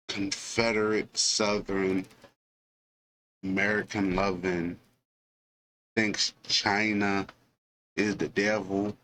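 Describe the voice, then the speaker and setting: A man casually retelling a film scene for a movie review, with animated storytelling full of fillers and asides. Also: on the low side, slight background noise, low-quality recording.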